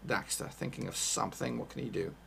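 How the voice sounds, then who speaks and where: A man commentating his own football video game live, excitable and casual, swearing and talking to his viewers. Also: lowish voice, brisk, creaky. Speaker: gaming YouTuber.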